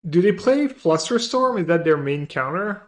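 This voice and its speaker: A man streaming a card game, thinking his moves through aloud and trailing off into quiet mutters, with joking asides to chat. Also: high voice, sing-song, moderate pace. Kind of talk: thinking aloud while playing.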